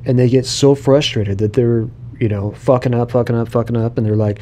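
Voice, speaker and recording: A man's voice: mid-range voice, fairly even intonation, fairly quick, few pauses, warm tone. A man talking as a podcast guest in casual chat, emphatic and swearing freely. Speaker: guest, paint flake business owner.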